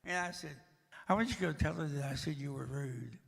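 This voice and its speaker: A man's voice: fairly high pitch, fairly quick, vocal fry, long reverb tail. An older man giving a storytelling talk at a church, with a dry, joking manner. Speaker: guest speaker.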